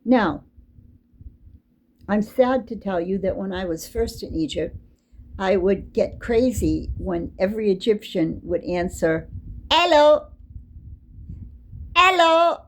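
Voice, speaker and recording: An older woman giving an informal, chatty lecture, quick to get excited. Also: mid-range voice, slight background noise, rough recording. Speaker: teacher.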